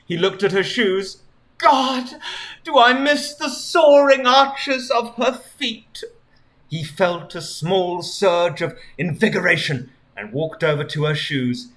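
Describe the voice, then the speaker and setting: A man's voice: high-pitched, lively intonation, slow, fairly bright tone, heavily acted. A man voicing a lonely, self-pitying male cartoon hedgehog hero in a comedy fan-fiction reading, whiny and mopey.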